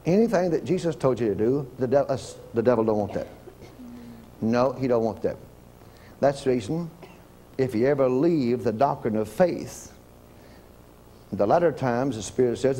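An older man preaching a sermon fervently, in surges and loud commands, with folksy grammar. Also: mid-range voice, lively intonation, moderate pace, long pauses, a little hiss or hum.

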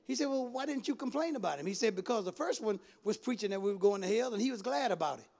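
A bishop preaches a Bible study sermon, swinging between loud calls and low, drawn-out phrases while calling out to the congregation. His male voice is animated and creaky.

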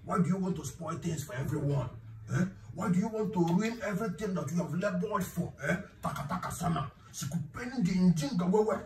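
A man's voice: sits high, expressive, fairly quick, few pauses, darkish tone. An actor playing a bossy, mocking village man who scolds and keeps asking "eh?". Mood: scolding. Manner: scolding, repeating "eh?". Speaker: actor in a comedy skit. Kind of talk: skit acting. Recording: echoey room, distant mic, noisy.

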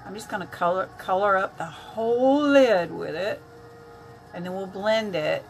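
A woman's voice: mid-range voice, unhurried, vocal fry, a little hiss or hum. An older woman chatting casually on a makeup live stream, greeting viewers by name as she works.

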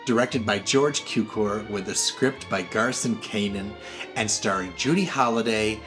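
A man's voice: fairly low pitch, unhurried, music in the background. A man hosting a casual film review who acts out the characters' lines as he recounts the plot. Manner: animated, acts out quotes. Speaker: movie reviewer host.

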